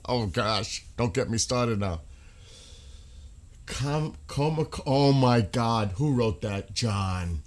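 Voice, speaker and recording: Male streamer, mid-pitched, loose, laughing, rambling chat with his audience. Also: expressive, a little slow, fairly bright tone. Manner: laughing, rambling, breaks into sung snippets. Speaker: livestream host. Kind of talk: casual live-stream chat.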